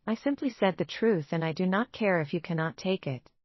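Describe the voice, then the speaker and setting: A man's voice: high-pitched, animated, brisk, no echo, muffled recording. A woman reading the part of a cold, angry young male executive who scolds his wife harshly. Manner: harsh, scornful, commanding.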